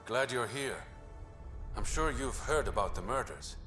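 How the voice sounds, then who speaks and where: An actor playing a smooth-talking smuggler who likes a bet, speaking in a measured, self-assured way. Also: male voice, medium pitch, sing-song, sharp tone, faint music behind. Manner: measured, sure of himself.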